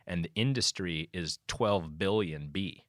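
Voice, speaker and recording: Very deep-voiced man, animated guest. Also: measured pace, no room sound, studio quality. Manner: animated, many restarts and fillers. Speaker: conservation group guest. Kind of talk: casual conversation.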